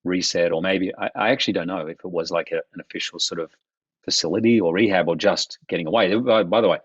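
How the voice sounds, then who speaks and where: Man in his fifties, low-ish voice, lively storyteller, dry dull podcast sound. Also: fast, husky, no echo. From Australia. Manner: animated, acts out quoted voices of others. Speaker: guest. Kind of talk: reflective storytelling in conversation.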